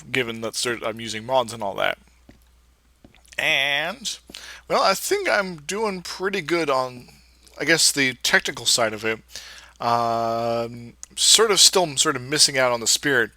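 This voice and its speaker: A man talks through his game in a loose, wandering way, stopping and restarting his sentences. His voice is very bright and forward. It is recorded close and dry. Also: medium pitch, no echo. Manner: rambling, many fillers and restarts. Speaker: Let's Play creator. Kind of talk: casual gameplay commentary.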